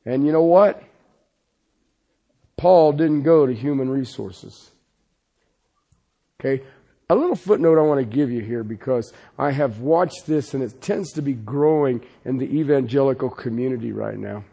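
A man preaching a sermon as pastor, swinging from loud insistence to hushed, pleading passages. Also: mid-range voice, moderate pace, gravelly, pauses often.

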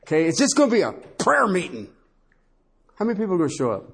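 A male pastor preaching a sermon with animated delivery, swinging between low asides and high emphatic bursts and laughing often. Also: fast talker, vocal fry, breathy edge.

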